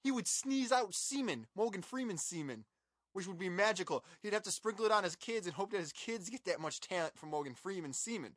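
Young male podcast co-host, high bright voice, dry close mic, crude ranting banter. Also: expressive, brisk, no room sound. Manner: loud, profane, joking rants. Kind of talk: crude casual movie-review banter.

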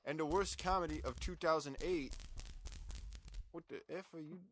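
A man's voice: on the high side, moderate pace, heavy background noise. A young man co-hosting a podcast, ranting about bad movies with crude, profane jokes. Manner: loud, profane, joking rants. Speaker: podcast co-host. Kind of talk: crude casual movie-review banter.

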